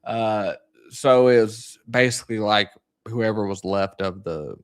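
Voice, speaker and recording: A man's voice: fairly low pitch, unhurried. A man hosting a casual livestream on markets, hedging and repeating his phrases. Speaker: livestream host.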